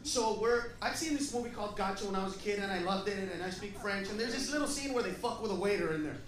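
A man doing a profane, animated stand-up routine in a live comedy club, with audience laughter behind him. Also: high voice. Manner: profane, rapid, animated storytelling. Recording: echoey live club from far off, loud crowd. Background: crowd laughter.

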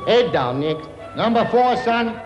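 A man's voice: sits high, lively intonation, unhurried, in a large hall, lo-fi sound, music in the background. An actor playing a dutiful royal attendant who announces the king's children.

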